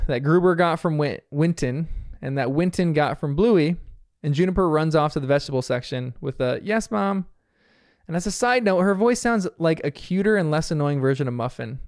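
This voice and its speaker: A man's voice: fairly high pitch, dry recording, studio quality. A man casually recapping a cartoon episode scene by scene, chatty and often laughing. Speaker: TV episode reviewer.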